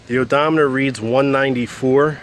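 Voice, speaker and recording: A man's voice: medium pitch, steady tone, a little fast. A middle-aged man showing off a car for sale in a casual, rambling way, talking around a cigar, outdoors and then inside the car. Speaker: car seller. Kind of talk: casual walkaround video. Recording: outdoor street and engine noise.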